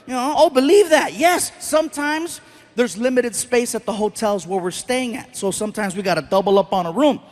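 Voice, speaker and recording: High-voiced animated stand-up comedian, a man. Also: moderate pace. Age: 30s. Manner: animated storytelling, acts out other people's voices.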